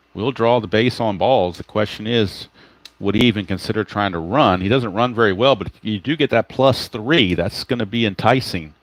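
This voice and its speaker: A man whose voice is on the low side announces a tabletop baseball game he's playing by himself, chatting loosely and correcting himself as he goes. He mutters while hunting for cards; the audio is poor, with no room sound.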